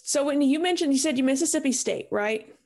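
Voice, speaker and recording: A woman's voice: sits high, animated, fast, a little mellow. A young woman co-hosting a podcast, asking questions and chatting in a friendly, conversational way. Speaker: podcast co-host. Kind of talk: casual podcast interview.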